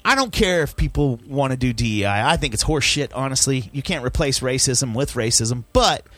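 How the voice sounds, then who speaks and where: A man's voice: medium pitch, animated, normal speed, fairly bright tone, no echo. A man from Texas co-hosting a podcast, talking in a heated, profane rant. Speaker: podcast co-host. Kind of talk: casual podcast banter.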